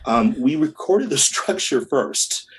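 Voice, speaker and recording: A man, a musician guest, telling recording stories in a casual interview, animated, laughing often and humming rhythms. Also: mid-range voice, slow pace. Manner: animated, laughing, hums rhythms, many restarts.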